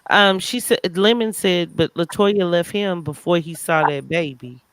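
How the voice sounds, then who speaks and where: Livestream host, male, bright and smooth, excitable gossip chatter. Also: high-pitched, a little slow, low-quality recording. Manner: animated, reads chat comments aloud, exclaims. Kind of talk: casual livestream gossip chat.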